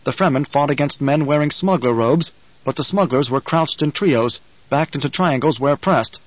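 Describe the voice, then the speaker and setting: A man reading scripted audiobook narration in a measured, dramatic way. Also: fairly high pitch, no echo, muffled recording.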